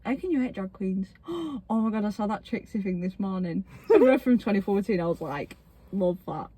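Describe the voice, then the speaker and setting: A young woman, chatting casually as a podcast co-host, giggly and animated, swearing freely. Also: mid-range voice, normal speed, slightly rough. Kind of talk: casual chat.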